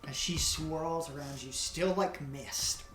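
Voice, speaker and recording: A woman's voice: low-pitched, slow pace, a bit bright, faint music behind. A woman narrating a tabletop game as game master in a casual, laughing way. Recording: echoey room.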